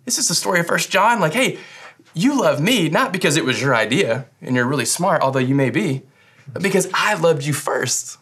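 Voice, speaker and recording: A man's voice: a little high, animated, a little fast, a bit bright, husky. A young man giving a casual, joking sermon as a pastor, talking loosely with many fillers and restarts.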